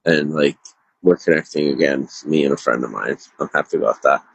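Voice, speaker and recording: A man's voice: very deep voice, brisk, creaky, slightly rough, no room sound, poor audio. A man live-streaming to viewers alone, distressed and near tears, rambling with many filler words. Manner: rambling, heavy on filler words, self-interrupting. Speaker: livestreamer.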